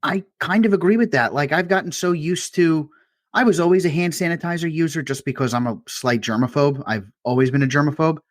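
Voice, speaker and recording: A man's voice: on the high side, fairly quick, dry recording, studio quality. A man co-hosting a casual comedy podcast, telling stories as rants and swearing freely. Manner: ranting storyteller, swears freely. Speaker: podcast co-host.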